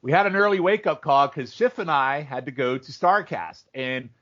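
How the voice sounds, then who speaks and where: A man co-hosting a podcast, telling stories in animated, rambling casual chat and jumping into goofy impressions. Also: on the high side, normal speed. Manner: animated storyteller, mimics people in funny voices. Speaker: podcast co-host. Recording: dull lo-fi audio.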